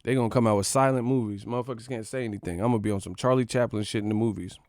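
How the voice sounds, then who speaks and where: A man's voice: mid-range voice, steady tone, racing, a little mellow, dry recording. Dude ranting on his channel, cussing and joking, just rambling on, dry sound no room. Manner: profane, joking, rambling with laughs. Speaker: boxing channel host. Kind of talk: casual comedic rant.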